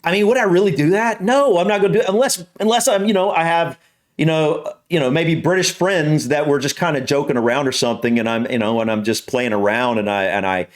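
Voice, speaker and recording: A man's voice: fairly high pitch, fairly quick. Rambling American man reacting casually. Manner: rambling, full of fillers and restarts. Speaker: reaction video host. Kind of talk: casual chat. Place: upstairs room at home.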